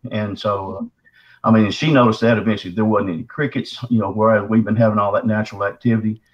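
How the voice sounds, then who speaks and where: Man with a sore throat, rapid folksy storyteller, dull lo-fi line. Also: on the low side, level tone. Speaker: guest. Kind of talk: casual storytelling.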